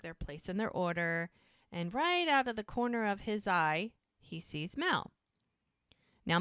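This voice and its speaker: A woman's voice: fairly low pitch, clear, resonant tone, dry recording, studio quality. A woman co-hosting a podcast, recapping a TV episode in casual chat and acting out the characters' lines as she goes. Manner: animated retelling, acts out the characters' lines. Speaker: podcast co-host.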